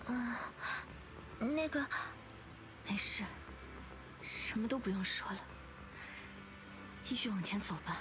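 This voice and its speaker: An actress playing a shaken young woman who speaks softly, close to a whisper. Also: fairly high pitch, slow, pauses often, background noise. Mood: subdued. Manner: soft, hushed, near-whispering. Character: shaken young woman facing her past, soft-spoken. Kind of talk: dubbed game cutscene acting.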